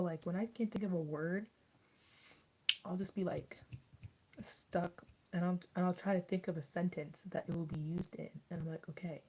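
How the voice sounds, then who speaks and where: A woman's voice: fairly low pitch, mellow, low-quality recording. A young woman vlogger chatting casually while eating, rambling with lots of restarts and fillers. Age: young adult. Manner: rambling, many restarts and likes. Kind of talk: casual mukbang chat.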